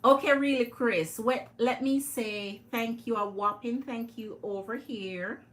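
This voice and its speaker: A woman's voice: on the high side, measured pace, low-quality recording. Chatty Jamaican woman live-streaming. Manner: chatty, greets viewers by name, laughs often. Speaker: tarot reader hosting a live stream. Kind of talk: live stream chat with viewers.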